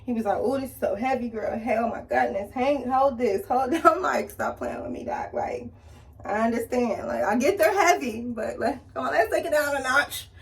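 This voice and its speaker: A woman's voice: normal speed, gravelly, recorded from a distance. A woman telling a story animatedly while doing her makeup, acting out the people in it. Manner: animated, acts out quoted people with big pitch jumps. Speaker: beauty vlogger.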